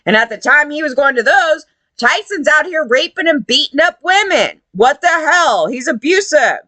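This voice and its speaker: High, lively, bright-voiced woman ranting. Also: dry recording. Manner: heated, profane and scornful, quick to mock in quoted voices. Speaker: commentator. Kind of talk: ranting opinion video.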